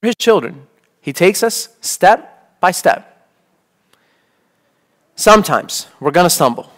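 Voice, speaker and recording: A man's voice: high-pitched, sing-song, slow pace. A man in his thirties, a priest, giving a conversational sermon full of "like" and "okay?". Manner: casual, peppered with "like" and "okay?".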